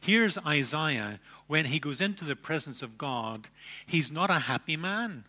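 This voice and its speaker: A man preaching a sermon, emphatic, with dramatic pauses and repeated phrases. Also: on the high side, expressive, sharp tone. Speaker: pastor.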